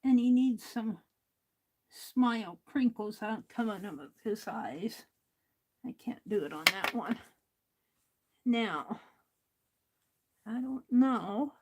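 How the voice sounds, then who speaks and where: A woman hosting a craft livestream, thinking aloud in a slow, musing way as she works. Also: a little high, expressive, a little mellow. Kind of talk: casual talk while crafting.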